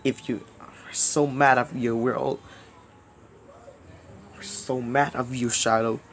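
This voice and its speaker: A man making a rambling direct-to-camera plea, repetitive and halting, swinging between loud outbursts and mumbling. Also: mid-range voice, little pitch movement, slight background noise. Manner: halting, restarts words often. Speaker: video creator.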